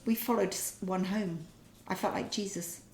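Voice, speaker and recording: An older woman co-hosting a podcast, chatting in a lively, thoughtful way with pauses. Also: mid-range voice, roomy sound, a little hiss or hum, poor audio. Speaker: podcast co-host. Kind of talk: casual chat. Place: kitchen.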